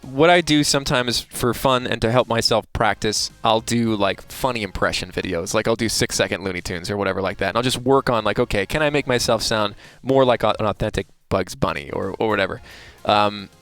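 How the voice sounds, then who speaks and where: A man, a voice actor being interviewed, talking in a chatty, relaxed way with many restarts. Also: lowish voice, brisk, hardly any pauses, smooth. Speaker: voice actor guest.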